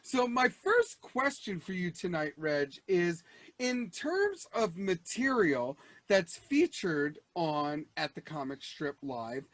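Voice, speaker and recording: Gushing high-voiced male show host. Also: big pitch swings, takes it slowly, a bit bright, no room sound. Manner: effusive, gushing praise for the guest. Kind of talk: interview show chat.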